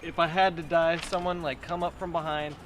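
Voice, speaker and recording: Blunt, teasing man with a higher voice. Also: little pitch movement, fairly quick, a bit bright, slight background noise. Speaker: co-host. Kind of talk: casual chat.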